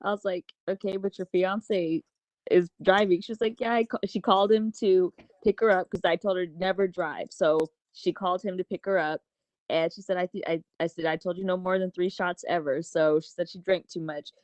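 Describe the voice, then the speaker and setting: A woman in her forties telling animated stories in a casual group discussion, laughing often. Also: fairly low pitch, moderate pace, no room sound. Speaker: open mic participant.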